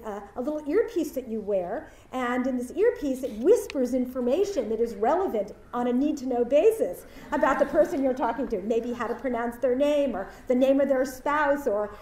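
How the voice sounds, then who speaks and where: A woman's voice: sits high, expressive, brisk, few pauses, dark tone. A woman giving a graduation speech, telling a story and acting out the voices of its people. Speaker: commencement speaker. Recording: echoey hall from far off.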